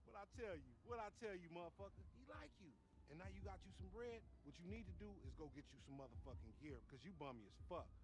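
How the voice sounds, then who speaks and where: Lamar, a brash high-voiced street hustler. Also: male voice, animated, fast, hardly any pauses. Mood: pushy. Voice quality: loud, profane, slangy banter. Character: brash young male street hustler, loud and teasing. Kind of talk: video game cutscene dialogue. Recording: game audio with clear ambient noise.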